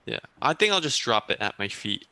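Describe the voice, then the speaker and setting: A man playing a tabletop game, easygoing and thinking his moves through out loud. His voice is bright and forceful. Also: medium pitch, big pitch swings, fairly quick. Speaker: player. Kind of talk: casual tabletop game play.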